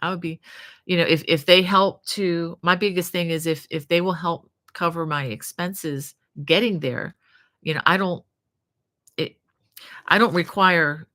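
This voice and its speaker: A woman's voice: on the low side, steady tone, a little slow, fairly bright tone, dry recording, clean studio sound. An older woman hosting a casual live stream, chatting earnestly and reading viewer comments aloud before answering them with blessings. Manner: earnest, devout, fond of blessings and prayers. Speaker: crochet channel host.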